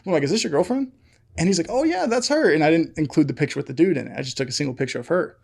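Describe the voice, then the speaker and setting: A man's voice: on the high side, animated, very fast, creaky, darkish tone, husky. A man co-hosting a podcast, telling a story in casual chat, acting out quotes and laughing often. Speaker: podcast co-host.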